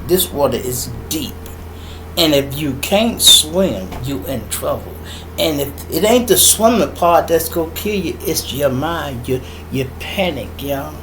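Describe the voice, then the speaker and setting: A middle-aged man with a Chicago accent hosting a podcast, telling a story in an animated, profane monologue and acting out voices and sound effects. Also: on the high side, slight background noise, poor audio. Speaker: podcast host.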